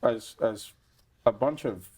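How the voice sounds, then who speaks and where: A man's voice: mid-range voice, takes it slowly, over a noisy crowd. A man hosting an interview, encouraging his guest with short prompts and questions. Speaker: podcast host. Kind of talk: conversational interview.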